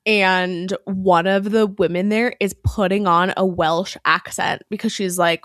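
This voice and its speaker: A woman's voice: mid-range voice, steady tone, unhurried, few pauses, a bit bright, no echo, studio quality. A young woman co-hosting a casual podcast, recapping reality TV bluntly and acting out quotes from the show. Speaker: podcast co-host.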